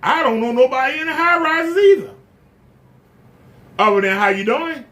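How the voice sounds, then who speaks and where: Indignant high-voiced man ranting to camera. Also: animated, normal speed, pushed and bright. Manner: indignant, repeats points, rhetorical questions. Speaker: YouTube channel host. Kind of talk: casual rant to camera.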